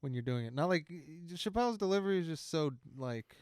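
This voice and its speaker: Smooth-voiced young man, laid-back chat. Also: fairly high pitch, expressive, quick pace, darkish tone, dry recording, clean studio sound. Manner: laid-back, stumbling over words. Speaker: podcast co-host. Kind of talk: casual chat.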